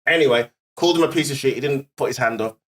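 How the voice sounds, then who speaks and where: A British man, a comedian co-hosting a podcast, telling lively stories on stage life and acting out the voices of people in them. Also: medium pitch, quick pace. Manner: animated, laughing, acts out voices in anecdotes. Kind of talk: casual storytelling chat.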